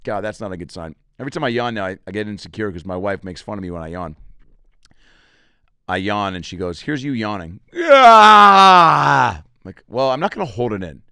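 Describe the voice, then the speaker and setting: A man's voice: sits low, quick pace, smooth, no echo, clean studio sound. A man, a comedian and podcast host, talking in a rambling, crude, joking way while plugging his shows. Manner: rambling and crude, with self-promotion and jokey asides. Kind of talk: casual podcast monologue.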